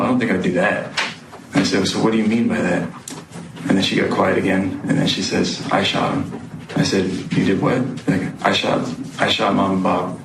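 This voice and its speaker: A man testifying as a witness in court, speaking haltingly with many pauses and fillers. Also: sits low, creaky. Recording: echoey noisy courtroom audio.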